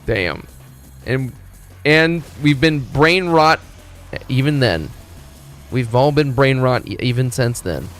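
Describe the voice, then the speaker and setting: A man's voice: medium pitch, animated, slow, pauses often, soft background music. Profane, ranting male streamer. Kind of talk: casual stream chat.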